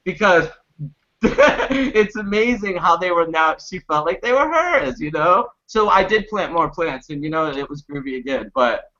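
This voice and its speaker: Panel guest, male, bright and punchy, animated storyteller; slightly high voice, muffled lo-fi audio. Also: a little slow. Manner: animated, laughing anecdote with acted quotes. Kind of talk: casual storytelling. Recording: muffled lo-fi recording.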